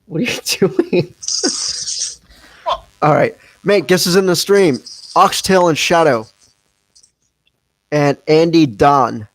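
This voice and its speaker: A man's voice: medium pitch, vocal fry, poor audio. A young man hosting a casual livestream podcast, rambling with lots of fillers and restarts. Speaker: podcast host.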